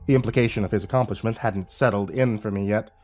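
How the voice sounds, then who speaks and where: Expressive male horror storyteller. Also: on the low side, fast talker, soft background music. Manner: expressive, wry, dramatic.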